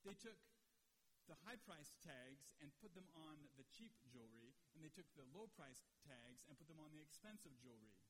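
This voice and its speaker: A man preaching a sermon as pastor, emotional, swinging from loud urging to near-hushed passages. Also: on the high side, sing-song, normal speed. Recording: long reverb, faint hiss.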